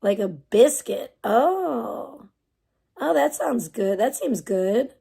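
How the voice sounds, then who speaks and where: A young woman talks casually on a live stream. Her voice sits a little high, with a gravelly fry and a mellow, dark tone. She swears freely and reacts to her chat with blunt, bemused exasperation. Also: lively intonation, slow. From United States. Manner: profane, exasperated, bemused, talking back to chat. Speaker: livestreamer reading chat.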